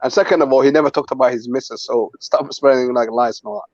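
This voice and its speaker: A man's voice: mid-range voice, steady tone, dry recording, lo-fi sound. A man on a live sports panel who talks defensively and cuts in to dispute others. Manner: fast, defensive, interrupting. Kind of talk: heated live sports talk.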